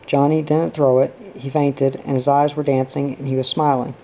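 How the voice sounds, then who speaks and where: A man reading a novel aloud in a steady, even manner. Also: mid-range voice, moderate pace, poor audio. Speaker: narrator. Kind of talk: audiobook reading.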